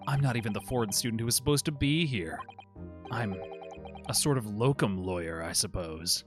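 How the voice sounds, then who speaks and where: A man's voice: fairly low pitch, lively intonation, normal speed, music in the background, lightly acted. Man reading a hesitant young stand-in lawyer. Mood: uncertain.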